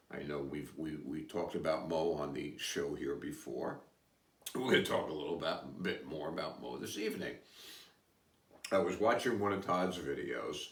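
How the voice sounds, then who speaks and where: Recorded from a distance in a roomy space, a man with a low voice hosts a podcast. His storytelling is casual and meandering, hesitant, and packed with asides.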